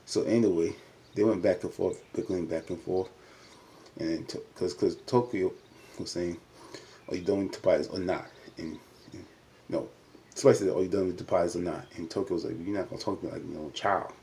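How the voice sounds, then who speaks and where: A man giving a casual recap of a reality show episode, chatty and full of "you know" fillers, jumping up in pitch whenever he acts out what the cast said. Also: fairly even intonation, moderate pace, mellow.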